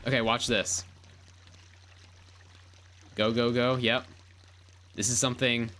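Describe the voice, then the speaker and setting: Very low-voiced woman streaming a game. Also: flat delivery, slow, background noise. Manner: rambling, playful, self-narrating, repeats words. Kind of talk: casual live gameplay commentary. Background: game music.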